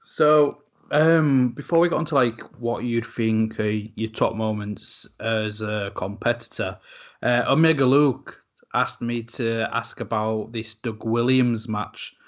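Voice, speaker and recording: A male podcast host asks his question in a slow, unhurried way. He hesitates between phrases, and he sounds a little distant from the mic. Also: mid-range voice, steady tone. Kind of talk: interview questions.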